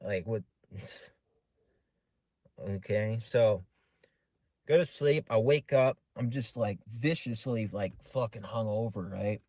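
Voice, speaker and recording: A man's voice: fairly low pitch, slow pace, pauses often, darkish tone, no room sound. Guy rambling thru a story on his stream, cussing a lot, dry close sound. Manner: rambling, filler-heavy, swears often. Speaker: live streamer. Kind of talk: casual storytelling.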